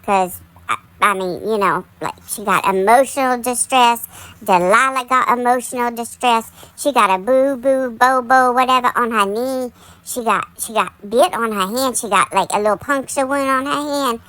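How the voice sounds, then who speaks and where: A woman tells gossip in a loose, rambling way, full of "like" and "y'all." Her voice sits a little high and sounds bright and forward. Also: moderate pace, dry recording, rough recording. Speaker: commentary channel host. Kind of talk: casual gossip commentary.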